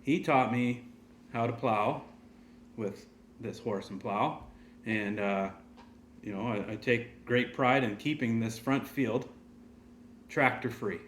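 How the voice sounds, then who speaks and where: A man's voice: mid-range voice, slow, long pauses, a little hiss or hum, natural voice. A man voicing a proud, plainspoken old male farmer who talks in a folksy, rambling way. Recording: echoey room.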